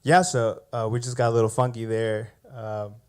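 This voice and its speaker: A man on stage at an open mic, chatting loosely between numbers. He laughs often, fills pauses with "uh" and "you know", and sounds a touch out of breath. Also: mid-range voice, clear, resonant tone. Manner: laughing, relaxed, rambling with fillers. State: catching his breath. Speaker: open mic bass player. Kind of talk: casual chat between songs.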